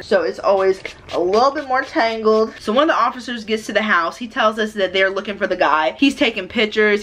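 A young woman telling a story in a casual, animated vlog while doing her hair, exasperated at times. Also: medium pitch. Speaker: hair vlogger.

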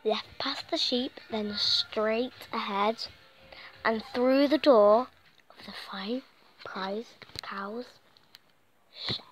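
A woman's voice: on the high side, slow, a little hiss or hum, rough recording. Woman reading a picture book aloud. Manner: animated, slips into soft whispers and tripping restarts. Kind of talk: reading a children's story aloud, partly whispered.

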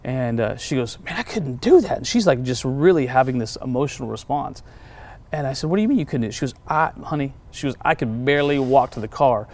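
A man in pastoral ministry tells faith stories in easy conversation. He talks with a moderate, ordinary pitch and slips into the voices of the people he quotes. His delivery is animated and personal. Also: fast talker. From United States. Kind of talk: storytelling testimony in a conversation.

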